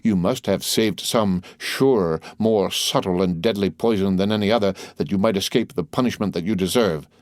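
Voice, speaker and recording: A man reading a cold, stern magistrate who interrogates calmly and with contempt, in an audiobook. His voice sits low and the sound is dry and close. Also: normal speed, few pauses, dry recording, close to an everyday voice. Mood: contemptuous. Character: cold stern male magistrate, accusing husband. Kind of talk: audiobook character voice.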